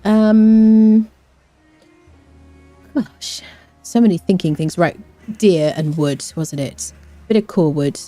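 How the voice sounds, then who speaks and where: A woman's voice: sits low, a little slow, mellow, faint music behind. A woman streaming a game, chatting casually, rambling, humming little tunes and answering her chat. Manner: chatty, rambling, hums and scats to herself, reads chat. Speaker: gaming streamer. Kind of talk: casual live-stream chat while playing.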